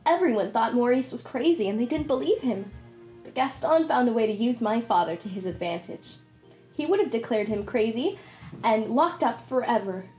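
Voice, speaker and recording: A woman's voice: fairly high pitch, darkish tone, close to an everyday voice. Belle, a woman playing a sweet storybook princess. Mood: storytelling. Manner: sweet, slow teacherly cheer. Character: gentle storybook princess, young woman, kind. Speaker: party character performer. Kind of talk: storytime narration to children.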